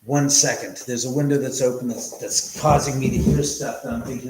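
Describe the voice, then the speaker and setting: A man chatting loosely on a livestream from a room in a house. His talk wanders and jokes as he goes, in a voice of middling pitch. The room gives an echoey ring. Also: steady tone, fairly quick, slight background noise. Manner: rambling, jokey, easily distracted. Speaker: livestream host. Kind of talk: casual livestream chat.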